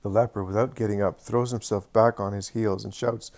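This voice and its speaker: Low-voiced man reading a devotional story. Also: fairly quick. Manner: steady, reverent narration. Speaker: reader.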